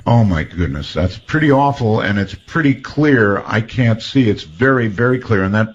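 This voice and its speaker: Low-voiced man hosting, lo-fi sound. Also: expressive, moderate pace. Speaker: host. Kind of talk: casual chat reviewing recordings. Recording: dull lo-fi audio with faint noise.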